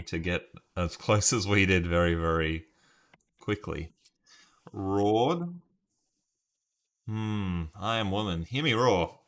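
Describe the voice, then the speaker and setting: Thinking out loud about his guesses, a man plays a word puzzle on a casual live stream and greets viewers by name. His voice sits low, a bit bright and clean, picked up by a webcam stream setup.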